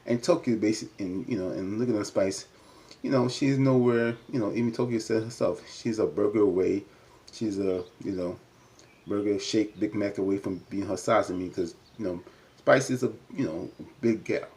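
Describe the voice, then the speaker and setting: Talking through a reality show episode at a normal speed, this man has a fairly low voice that's mellow and warm, not bright. His loose, chatty recap is packed with "you know" fillers, and his pitch leaps up whenever he acts out quotes from the cast.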